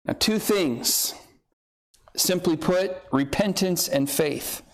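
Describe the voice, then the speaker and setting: A pastor with a high voice preaches slowly in a conversational sermon. He cracks jokes and acts out imagined exchanges between believers.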